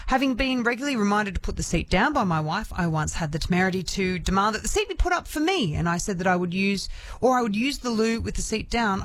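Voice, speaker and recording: A woman's voice: medium pitch, slight background noise. A woman hosting a local radio show, chatty and self-deprecating, laughing easily. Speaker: radio host. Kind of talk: casual radio chat.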